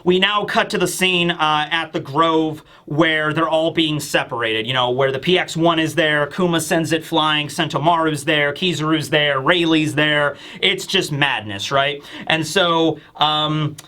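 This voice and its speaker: A man reviews a manga chapter in casual, excitable commentary. He often bursts into shouts. His voice is high, bright and forceful. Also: unhurried, few pauses.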